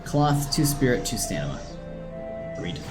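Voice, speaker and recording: A chatty streamer talks through a live game session, greeting viewers and reacting to teammates, with a voice that bounces lively up and down. Game music plays clearly underneath from a home streaming setup. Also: medium pitch, normal speed. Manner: chatty, talks to teammates and chat while playing.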